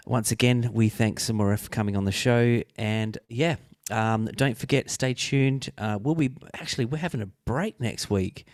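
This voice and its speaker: A man with an Australian accent co-hosts a casual talk show, upbeat and chatty, joking at his own expense. His voice sits low. The recording is dry and close. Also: a little mellow, no echo. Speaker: co-host. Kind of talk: casual podcast chat.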